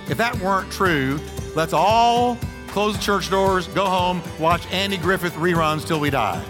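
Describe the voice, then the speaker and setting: A man's voice: sits high, measured pace, few pauses, long reverb tail, music in the background. A man preaching a sermon as pastor, emphatic and playful, leaning hard on repeated words for effect. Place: church sanctuary.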